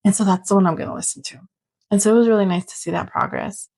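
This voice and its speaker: A woman's voice: mid-range voice, fairly even intonation, fast talker, darkish tone, rough recording. A young adult woman hosting her own podcast, talking earnestly and openly in a personal monologue with many "like" fillers. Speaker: podcast host.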